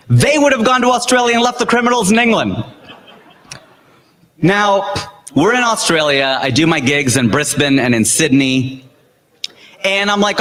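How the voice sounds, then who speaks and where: An American man in his forties performing a stand-up comedy set, telling stories with animated, punchy delivery. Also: high voice, normal speed, long pauses. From United States. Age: 40s. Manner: animated storytelling, punchy jokes. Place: large event hall with audience. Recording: long hall reverb.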